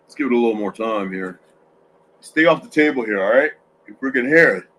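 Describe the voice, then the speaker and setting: A man's voice: mid-range voice, animated, fairly quick, fairly bright tone, a little hiss or hum, rough recording. A man hosting a casual livestream from home, tired and yawning, talking in a rambling way with many restarts and asides to chat. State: sleepy, yawning. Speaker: livestream host.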